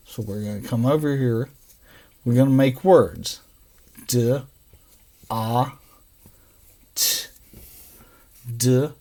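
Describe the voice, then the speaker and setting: A man gives a children's phonics lesson and stretches each letter sound out one at a time. He talks at a very slow, unhurried pace. His voice has a gravelly edge. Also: medium pitch, darkish tone. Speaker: teacher.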